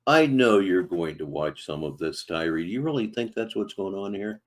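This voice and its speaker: A man's voice: sits low, animated, normal speed, a little hiss or hum. A man hosting a commentary show, making dry, sarcastic asides.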